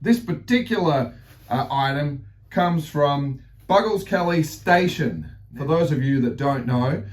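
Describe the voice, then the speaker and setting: A man hosting a model railway unboxing vlog, chatty and enthusiastic, with theatrical exclamations. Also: fairly high pitch. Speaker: model railway channel host.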